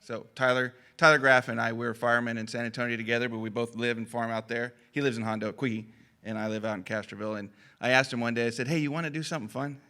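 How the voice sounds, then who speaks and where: Guy chatting through a history talk, folksy and jokey, bright clear voice, lots of uh and um. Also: mid-range voice, little pitch movement, quick pace. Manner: chatty, folksy, self-deprecating, with fillers. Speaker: conference speaker. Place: conference hall.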